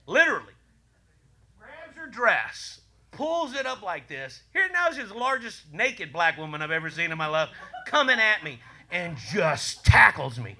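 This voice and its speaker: Comedy club guy on stage, really high voice, raunchy and laughing as he talks. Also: unhurried. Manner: animated, swearing, laughing through lines. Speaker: comedian telling a memorial story. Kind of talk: profane stand-up storytelling.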